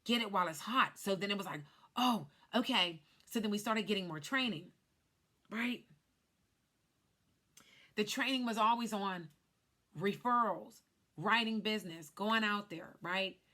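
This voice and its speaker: A woman in her thirties, a life insurance agent, telling her story to camera in an animated way while glancing at cue cards. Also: mid-range voice, unhurried, pauses often. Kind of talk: casual talk to camera.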